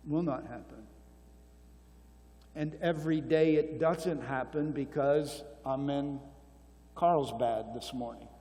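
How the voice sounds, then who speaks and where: Older guy answering marriage q&a, earnest and urging, mellow voice, big reverby church. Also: medium pitch. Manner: earnest and exhortative, repeats key phrases. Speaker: conference speaker. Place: church hall. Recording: long reverb of a church hall.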